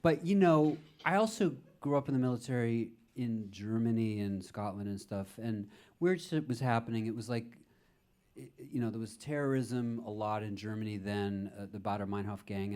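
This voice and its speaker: A man's voice: lowish voice, normal speed, darkish tone. A man, a guest on a live podcast taping, telling rambling anecdotes full of fillers in front of an audience. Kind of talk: live podcast chat, storytelling. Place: stage before a live audience.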